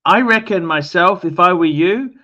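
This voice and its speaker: A man hosting a casual livestream talks in a blunt, bossy way and swears freely. His voice sits a little high. The recording sounds dull and muffled. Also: moderate pace, bright, forceful tone. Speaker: livestream host.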